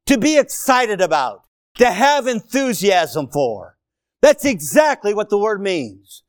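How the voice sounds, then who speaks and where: Lively, playful preacher man, dry sound. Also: sits high, normal speed, no room sound. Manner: animated, playful, talks straight to the congregation. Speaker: pastor. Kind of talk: lively sermon. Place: church auditorium.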